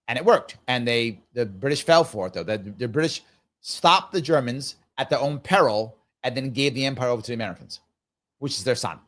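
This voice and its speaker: A man in his fifties hosts a live stream and answers viewer comments as he reads them. He talks casually and thinks aloud, circling back over his own phrases. His voice sits at an ordinary middle pitch. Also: fairly bright tone. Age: 50s. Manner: casual, musing, repeats phrases. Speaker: show host.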